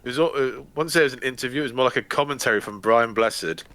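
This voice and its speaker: A man chatting casually while he plays a game, joking and rambling as he goes. His voice is bright and forceful, at an ordinary pitch for a man. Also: fast. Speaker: gaming channel host. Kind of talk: casual chat while playing.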